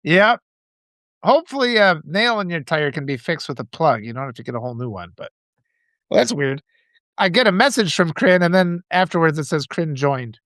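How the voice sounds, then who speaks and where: Lively storytelling man on a live stream. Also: on the high side, a little fast, no room sound, studio quality. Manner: rambling, animated anecdotes with many restarts. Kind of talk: casual storytelling on a live video.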